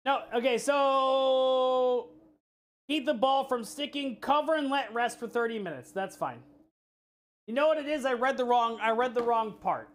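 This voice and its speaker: A streamer with an expressive, mid-range voice cooks live at a moderate pace while chatting with viewers. He tells a long, rambling story packed with swearing and restarts.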